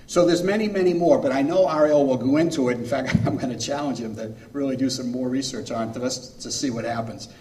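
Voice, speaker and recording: A man preaching a sermon as a pastor, earnest, pausing phrase by phrase and swinging between loud and soft. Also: mid-range voice, slight background noise. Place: church sanctuary. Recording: echoey room, mic far off.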